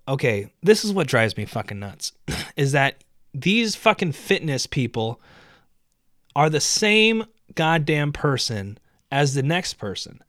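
A man's voice: medium pitch, very animated, normal speed, fairly bright tone, no echo, clean studio sound. A man hosting a solo podcast from indoors, ranting in a profane, sarcastic, rambling way. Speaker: podcast host. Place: indoors by a window.

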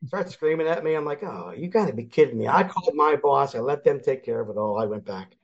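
An older Philadelphia man, appearing as a guest in a casual sports chat, speaks briskly in a fairly high voice. He tells energetic stories and acts out the voices of the people involved, though the audio is dull and lo-fi.

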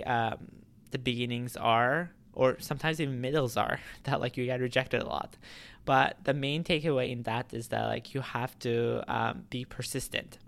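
Smooth-voiced man rambling casually. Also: mid-range voice, fairly bright tone. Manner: rambling, many fillers and restarts. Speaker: YouTuber. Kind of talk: casual vlog talk to camera.

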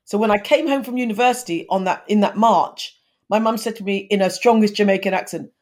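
A woman's voice: medium pitch, fairly quick, a little mellow. A woman in her fifties, a guest in an interview, talking earnestly and giving advice, with frequent restarts. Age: 50s. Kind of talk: conversational interview.

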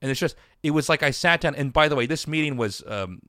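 A man's voice: a little high, lively intonation, fast, bright, forceful tone, no room sound, studio quality. A man telling a long personal story in casual chat, rambling with restarts and swearing.

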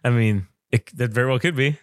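A man's voice: mid-range voice, fairly quick, dry recording, studio quality. A man co-hosting a casual podcast, telling a long rambling story full of swearing and acted-out quotes. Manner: profane, rambling, acts out quotes in funny voices. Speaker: podcast co-host.

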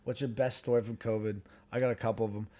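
A podcast co-host with a fairly low voice talks fast, spinning a rambling, profane story among friends. He's animated and keeps laughing as the tale unfolds.

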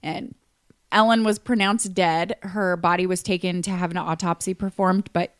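Smooth-voiced woman chatting true crime. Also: lowish voice, steady tone, normal speed, no room sound, clean studio sound. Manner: chatty, many likes and restarts. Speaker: podcast co-host. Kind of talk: casual true crime chat.

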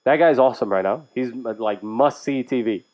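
A brash man co-hosting a podcast, joking around and cursing freely. His voice sits mid-pitch. The recording is a bit muffled and lo-fi. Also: fairly quick, darkish tone. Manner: brash, swears freely, jokey. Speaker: podcast co-host. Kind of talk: casual podcast banter.

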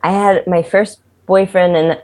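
A woman talking candidly in a casual conversation, animated and swearing freely. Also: fairly low pitch, measured pace.

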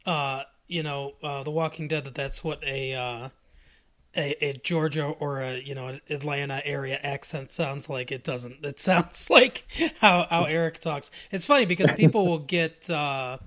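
Easygoing higher-voiced male host. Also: moderate pace, a bit bright. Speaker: podcast host. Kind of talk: casual interview chat.

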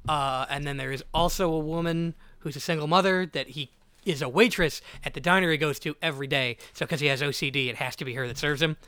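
A man's voice: fairly high pitch, fairly even intonation, quick pace, bright, forceful tone, smooth, dry recording. A young man co-hosting a podcast, chatting casually and rambling through jokey stories. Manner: joking, rambling storyteller. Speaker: podcast co-host. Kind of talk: casual chat.

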